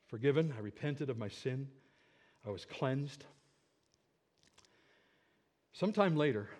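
Husky-voiced man preaching a sermon. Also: medium pitch. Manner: earnest, swings from loud to hushed. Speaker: pastor. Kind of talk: sermon storytelling. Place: church.

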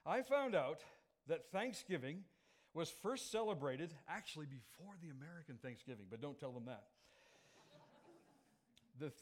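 A man preaching a sermon as pastor, lively and joking, with sudden loud emphatic phrases. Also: fairly high pitch.

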